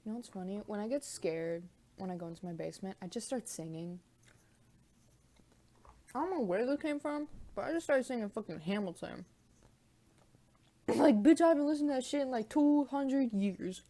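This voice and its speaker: A young woman talks loosely and profanely into her camera at home, rambling between bites of food. Her pitch swings widely from phrase to phrase, giving her chatter a bouncy, animated lilt. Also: moderate pace, pauses often. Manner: talks while eating. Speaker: vlogger. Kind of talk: casual mukbang vlog chat.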